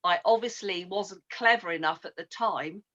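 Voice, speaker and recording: A woman giving a coaching talk, who acts out both sides of conversations in an animated way. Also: lowish voice, normal speed. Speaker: sales coach. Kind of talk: coaching talk with a retold phone call. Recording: muffled lo-fi recording.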